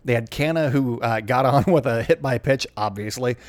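A man's voice: mid-range voice, normal speed, dry recording. A young man hosting a sports podcast, chatting casually and sarcastically with lots of fillers. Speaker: podcast host.

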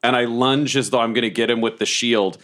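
A man's voice: mid-range voice, fairly even intonation, fairly quick, a bit bright. A man joking and laughing as a player in a tabletop game. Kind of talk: casual tabletop game play.

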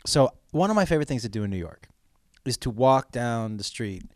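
A man's voice: medium pitch, fairly quick, dry recording, studio quality. A man hosting a casual comedic chat, telling stories and acting out the strangers in them. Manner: animated storyteller acting out quoted strangers.

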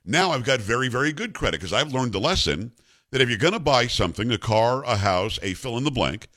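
A man's voice: mid-range voice, sing-song, brisk, a bit bright. A man in his fifties hosting a talk radio show, giving opinionated commentary in an emphatic, conversational way and mixing in personal stories.

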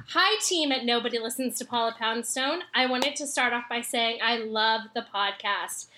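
A woman on a comedy podcast, reading listener letters aloud in a measured, amused way. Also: a little high, background noise.

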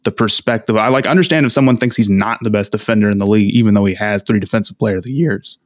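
Measured low-voiced man in sports chat. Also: no room sound, studio quality.

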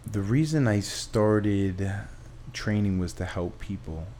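A man with a very low, warm voice tells an animated story as a trainer and gym owner. He stops and restarts often and acts out quoted lines. Faint noise sits under the recording. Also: slow pace. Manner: animated anecdote-telling with acted quotes and restarts. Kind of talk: conversational storytelling.

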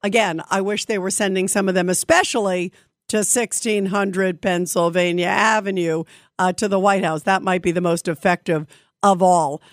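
A woman's voice: medium pitch, steady tone, moderate pace, no echo, clean studio sound. A woman hosting a call-in radio talk show, chatting with callers in a conversational way with plenty of fillers. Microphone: studio microphone.

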